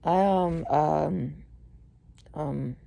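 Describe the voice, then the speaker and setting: A young woman with a low, gravelly voice and a dark, mellow tone tells a rambling story full of fillers and swearing. She mostly sounds low-key and tired, then flares up loudly. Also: very slow. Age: young adult. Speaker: vlogger. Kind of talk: casual storytelling rant.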